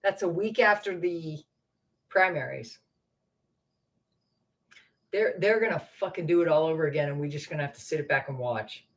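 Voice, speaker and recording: A middle-aged woman from Maine hosts a livestream at home, talking straight to her chat. Her voice sits a little low, and she swears freely as she vents. She speaks close to her webcam. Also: normal speed, pauses often. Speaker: livestream host. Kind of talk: casual livestream chat with viewers.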